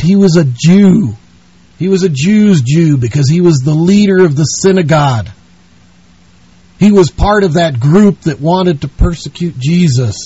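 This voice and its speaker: A man's voice: fairly high pitch, mellow, husky, no room sound. A man preaching a sermon in an earnest, pleading way, speaking to the listener as a friend, on a dull lo-fi recording.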